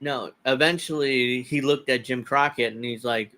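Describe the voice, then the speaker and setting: A man's voice: mid-range voice, fairly even intonation, moderate pace, bright, forceful tone. A man hosting a casual wrestling podcast, opinionated and rambling, chuckling often as he talks. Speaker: podcast host.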